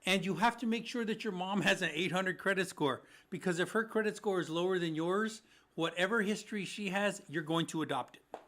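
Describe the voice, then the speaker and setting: High-voiced joking man answering mortgage questions. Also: fairly quick, fairly bright tone. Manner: joking, puts on voices for lenders. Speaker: mortgage podcast co-host. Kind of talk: casual chat answering listener questions.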